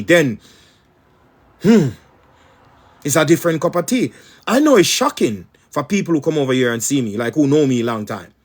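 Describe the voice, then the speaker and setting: A man's voice: fairly high pitch, husky. A man with a Jamaican accent, preaching as a spiritual teacher in an emphatic, repetitive patois-laced monologue.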